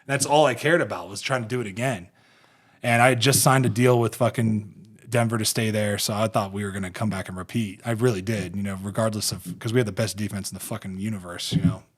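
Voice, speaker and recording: A man's voice: on the low side, steady tone, quick pace. Profane, rambling man telling stories. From Ohio, US. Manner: rambling, profane, laughing through his stories. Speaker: podcast host and former pro football player. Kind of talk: casual podcast storytelling.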